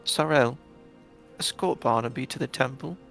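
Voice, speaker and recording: A man's voice: mid-range voice, creaky, fairly bright tone, soft background music. A man doing a courteous towering orc guard. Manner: courteous, measured, mildly stern. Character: towering polite male orc city guard.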